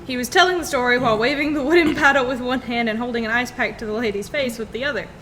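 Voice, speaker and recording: A woman's voice: a little high, very fast, sharp tone, a little hiss or hum. A woman co-hosting a podcast, reading a news story in a light, amused way. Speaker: podcast co-host.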